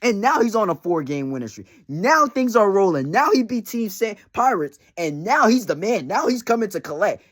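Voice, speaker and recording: Animated young man ranting trash talk. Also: high voice, normal speed, hardly any pauses, dry recording. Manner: heated, mocking, repetitive ranting. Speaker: fantasy league team manager. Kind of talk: casual trash-talk rant.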